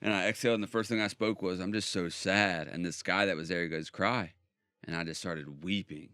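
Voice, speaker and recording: Intense, bright-voiced man telling a story. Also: sits low, fairly even intonation, fast talker, clean tone, no room sound, studio quality. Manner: intense, emphatic storyteller who keeps adding "right?". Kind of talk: casual podcast conversation. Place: podcast studio.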